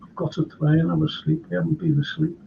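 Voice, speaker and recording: A man's voice: a little high, little pitch movement, fast talker, creaky. An older man with a Liverpool accent, hosting a casual chat show, rambling and tired from lack of sleep. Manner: rambling, chatty, with frequent restarts. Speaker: host. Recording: dull lo-fi sound with faint noise.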